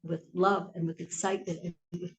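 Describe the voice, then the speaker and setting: A woman leading an informal Torah class, telling stories and swinging between soft asides and emphatic lines. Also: on the low side, flat delivery, a little fast. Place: historic synagogue hall. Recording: echoey room.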